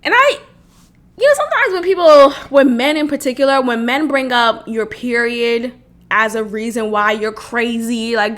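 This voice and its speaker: Animated young woman podcast host. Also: on the high side, normal speed. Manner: animated storytelling, acts out quotes, swears freely. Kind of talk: casual solo podcast talk.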